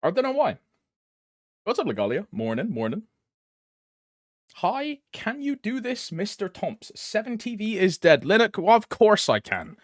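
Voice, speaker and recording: A man's voice: high-pitched, very animated, unhurried, no echo, studio quality. A young man streaming a game, greeting chat by name, with frequent laughs and slangy banter. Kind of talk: casual live-stream chat.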